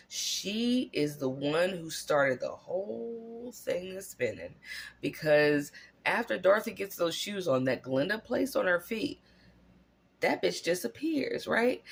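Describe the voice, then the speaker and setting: A host unspooling a profane, animated commentary at an unhurried pace, peppered with rhetorical questions. The voice is gravelly and husky, with pitch swinging widely. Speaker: channel host.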